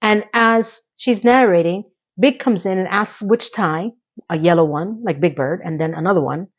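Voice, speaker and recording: A woman's voice: on the low side, moderate pace. A middle-aged woman recapping a TV episode in a casual vlog, chatty and sarcastic, with plenty of offhand asides. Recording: slightly dull lo-fi audio.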